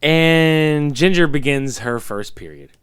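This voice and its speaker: A man's voice: a little high, animated, slow, clear, resonant tone, dry recording, clean studio sound. Profane laughing man recapping a film. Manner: loose, profane, laughs loudly. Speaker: podcast co-host. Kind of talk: casual film recap chat.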